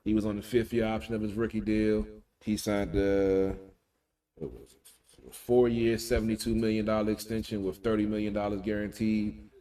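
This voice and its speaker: A man's voice: on the low side, fairly even intonation, normal speed, warm tone, recorded from a distance. A man co-hosting a casual talk radio show, breaking down football news in an emphatic, slangy way.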